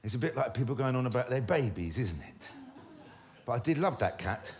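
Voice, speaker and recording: A man, telling comic stories about his own life in a wry, swearing, animated manner. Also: mid-range voice, brisk. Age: 50s. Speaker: storyteller. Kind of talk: comic autobiographical storytelling.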